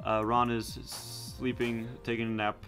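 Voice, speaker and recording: A man's voice: medium pitch, completely flat delivery, moderate pace, fairly bright tone, faint music behind. A man hosting a casual podcast, telling a rambling story with many fillers and restarts. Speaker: podcast host.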